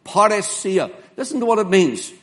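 A man's voice: high voice, animated, fairly bright tone. A man preaching a sermon in an earnest, emphatic way, quoting scripture in King James phrasing. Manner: earnest, emphatic preaching with slow spelled-out words and dramatic quoted lines.

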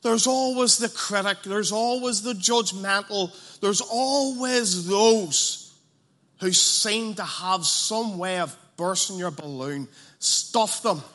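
Passionate high-voiced male preacher. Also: takes it slowly. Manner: passionate, swings from hushed to loud; colloquial, blunt asides. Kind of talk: evangelistic sermon.

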